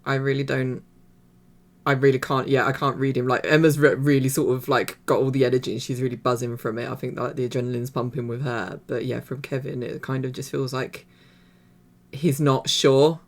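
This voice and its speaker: Creaky-voiced woman rambling. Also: a bass voice, level tone, fairly quick. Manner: rambling, hesitant, many fillers. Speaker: reaction video host. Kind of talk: casual commentary.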